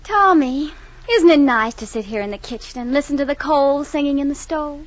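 An actress playing a sweet, doting young wife in a 1940s radio comedy, her soft sugary voice trailing off on names. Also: high voice, moderate pace, natural voice. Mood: dreamy. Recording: dull old radio recording.

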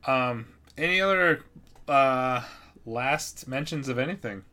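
A man's voice: medium pitch, animated, slow pace, pushed and bright. A man hosting a casual podcast chat, easygoing, giving brief replies and steering the talk. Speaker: podcast host.

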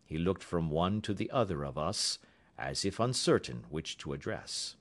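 A man reading a classic detective story aloud with steady narration. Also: low-pitched, moderate pace. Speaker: audiobook narrator.

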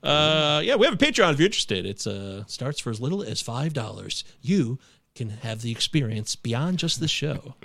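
This podcast host is a man with a medium-pitched, sing-song voice that's gravelly and a bit bright. He runs a casual live movie show, rambling chattily, stopping mid-sentence and laughing quickly. There's no room sound.

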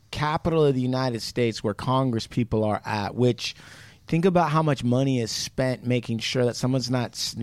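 A man's voice: mid-range voice, no room sound. Rambling, cussing man on a dry mic. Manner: rambling, profane explainer full of "like". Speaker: podcast host. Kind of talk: casual chat.

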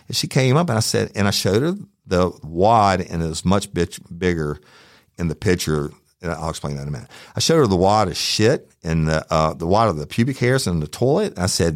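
A man hosting a true crime podcast, telling a personal story in a profane, animated way. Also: low-pitched, fairly quick, no room sound, clean studio sound. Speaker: podcast host.

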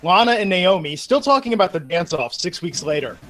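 Slightly high-voiced podcast host man. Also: big pitch swings, fairly quick, pushed and bright. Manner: conversational, steering topics, fillers. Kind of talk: casual chat.

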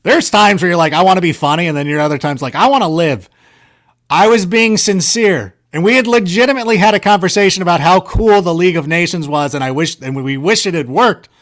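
A man casually telling stories on a podcast, animated and self-deprecating, filling his talk with "like" and "you know". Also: high-pitched, fast talker, hardly any pauses. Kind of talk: casual storytelling chat.

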